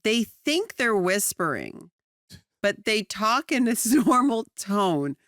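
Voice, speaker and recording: A woman co-hosting a podcast in casual chat, animated, laughing often and acting out her stories. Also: medium pitch, slow, dry recording, clean studio sound. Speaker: podcast co-host. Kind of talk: casual chat recapping a sitcom episode.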